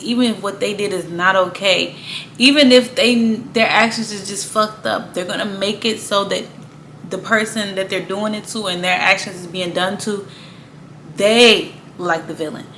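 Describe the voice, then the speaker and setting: A woman with a bright, forceful voice talks straight to camera in a loose, slangy monologue. She is blunt and swears freely. A faint hum sits behind her. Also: medium pitch. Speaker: astrology vlogger. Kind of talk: casual monologue.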